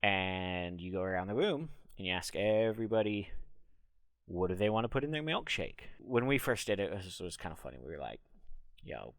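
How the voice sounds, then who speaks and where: Man, low and gravelly, casual rambling streamer, dry close sound. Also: no room sound. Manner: rambling, bursts into loud demonstration laughs. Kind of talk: casual solo talk on a livestream.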